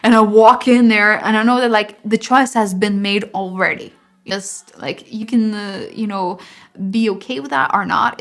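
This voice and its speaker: Young woman telling stories loosely. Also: medium pitch. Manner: rambling, filler-heavy, animated storytelling. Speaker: singer and songwriter. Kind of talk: casual storytelling to camera.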